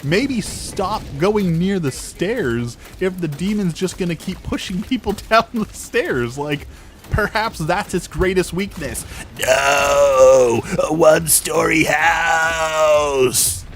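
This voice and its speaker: A man's voice: high voice, expressive, unhurried, slight background noise. A man streaming live, ranting casually with sarcastic, mocking exasperation. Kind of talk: casual rant to a live audience.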